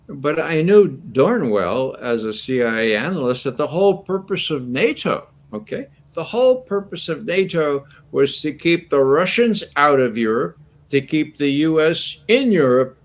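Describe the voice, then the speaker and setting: A man in his eighties, a guest commentator, telling stories in an animated, anecdotal way and chuckling often. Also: medium pitch, measured pace. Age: 80s. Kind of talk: casual storytelling commentary.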